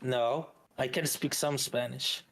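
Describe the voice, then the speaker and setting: A man's voice: medium pitch, steady tone, slow pace, creaky, a bit bright, a little hiss or hum. A man with a Flemish Belgian accent chatting casually as a streamer host, rambling and hesitating as he goes.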